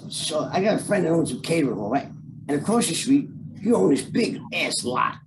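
Gravelly animated New storyteller man. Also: fairly high pitch, fairly quick, background noise. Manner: animated, streetwise, acts out voices in his stories. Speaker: storyteller guest. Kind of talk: casual storytelling.

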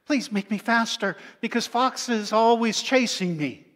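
A man voicing an anxious little rabbit who asks eagerly to be made faster, as part of a story in a sermon. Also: high voice, fairly bright tone, voice pushed up. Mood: eager pleading. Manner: quick, eager pleading. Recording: long hall reverb.

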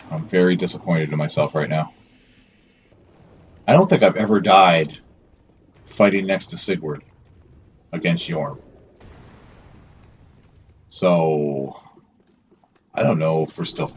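A man's voice: sits low, animated, measured pace, long pauses, dull audio, slight background noise. A man giving casual let's play commentary, swearing, scolding himself and talking to the characters on screen. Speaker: gameplay commentator.

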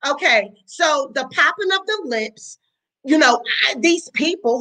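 High, bright-voiced woman ranting. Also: lively intonation, unhurried, rough recording. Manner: blunt, profane, heated. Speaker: commentary channel host. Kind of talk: reaction commentary.

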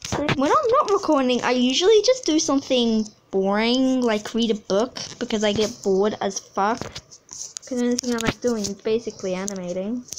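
A woman's voice: on the high side, a little hiss or hum, poor audio. A teenage girl who makes animations, chatting casually and rambling while she draws, swearing a lot and losing her train of thought. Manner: profane, rambling, easily sidetracked. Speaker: animation channel creator.

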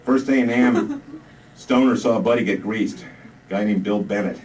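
A man reading his own comic book aloud to a live audience with dry, deadpan delivery. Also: fairly low pitch, normal speed, a crowd in the background. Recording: distant mic, noisy live room.

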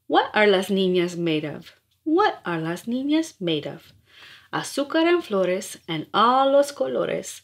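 A woman's voice: mid-range voice, sing-song, measured pace, vocal fry. Sing-song woman reading nursery rhymes. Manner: sing-song, playful, rhythmic. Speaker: storyteller.

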